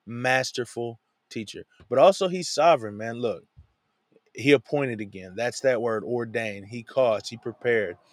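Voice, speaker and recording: A man walks through a scripture passage in an easygoing, conversational way, often dropping in "man" as he explains. His voice sits at a middle pitch. The sound is dry and close, with no room echo. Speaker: Bible teacher. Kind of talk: casual Bible study talk. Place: lives in a van.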